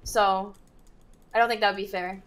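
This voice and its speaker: A woman's voice: medium pitch, steady tone, moderate pace, fairly bright tone. A woman talking casually on a stream, chatty and hedging, laughing between remarks.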